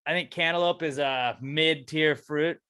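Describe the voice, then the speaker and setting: A man co-hosting a podcast in casual chat, playful and swinging from loud outbursts to mumbled asides. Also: fairly high pitch, steady tone, a little slow, smooth, no room sound, studio quality. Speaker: podcast co-host. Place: podcast studio.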